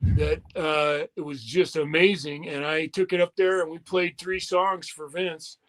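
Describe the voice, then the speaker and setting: A man's voice: on the high side, steady tone, unhurried. An older man, a former wrestler, telling long profane anecdotes in a casual interview, acting out the people he quotes. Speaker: retired wrestler and musician, guest.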